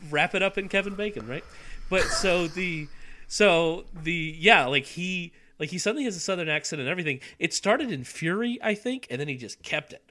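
A man's voice: high-pitched, expressive, normal speed, sharp tone. A man co-hosting a podcast in casual chat, riffing with jokey, sarcastic asides. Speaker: podcast co-host.

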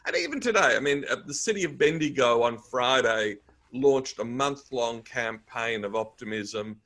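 A man's voice: medium pitch, animated, moderate pace, fairly bright tone. A middle-aged man with an Australian accent, a guest in a conversational interview, telling upbeat anecdotes. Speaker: guest, author and speaker.

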